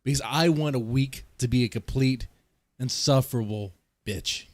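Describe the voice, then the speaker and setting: A man's voice: mid-range voice, moderate pace, no echo. Stuffy-nosed man ranting casually. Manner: rambling, joking, with coughs and sighs. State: stuffed-up nose; short of breath. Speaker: vlogger host. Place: home garage studio.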